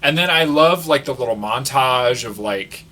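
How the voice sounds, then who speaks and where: A man co-hosting a casual movie podcast, talking in an animated, rambling way full of fillers. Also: mid-range voice, moderate pace. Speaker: podcast co-host. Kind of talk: casual chat.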